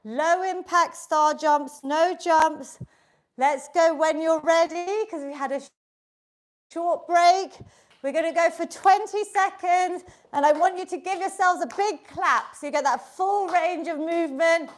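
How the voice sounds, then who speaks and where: A woman's voice: very high-pitched, measured pace. A woman leading a live online exercise class as fitness instructor, upbeat and encouraging, counting reps aloud while she exercises along.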